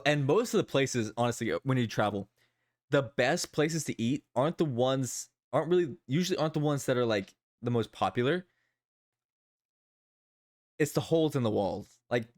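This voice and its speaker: A man streaming live, chatting casually and rambling, often repeating his own phrases. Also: mid-range voice.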